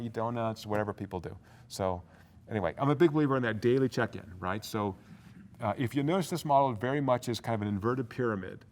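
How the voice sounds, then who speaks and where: A man giving a university business lecture as a guest speaker, energetic and fast-talking, full of asides and rhetorical questions. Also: mid-range voice.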